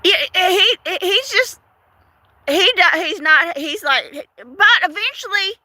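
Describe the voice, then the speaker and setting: Chatty, lively older woman streaming live. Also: extremely high pitch, slow pace, no room sound. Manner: chatty, gossipy, laughs often, asks chat questions. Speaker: livestream host. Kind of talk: casual live chat.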